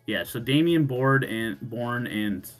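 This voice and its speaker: A man on a podcast telling a story in casual chat, animated, swearing freely and laughing, often restarting his sentences. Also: mid-range voice, slow, faint music behind. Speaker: podcast co-host.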